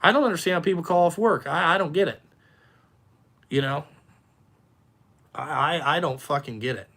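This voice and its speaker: A man's voice: a little high, fairly bright tone. A man who runs a dump truck business, ranting bluntly and with heavy swearing during a livestream while answering viewers' comments. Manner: repeats himself, halting restarts. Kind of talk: profane livestream rant, answering chat.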